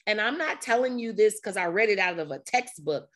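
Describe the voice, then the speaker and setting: A woman's voice: medium pitch, fairly quick. Woman coach on a video call, voice a bit strained, chatty and upbeat, laughs a lot. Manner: energetic, conversational, with laughs and repetitions. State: slightly strained voice. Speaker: coach leading an online group session. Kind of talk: motivational talk to a group.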